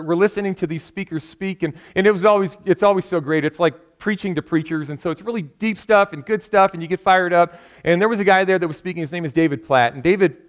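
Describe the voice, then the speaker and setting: A man preaching a sermon in a church, telling a story earnestly and building to impassioned appeals, with frequent restarts. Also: on the high side.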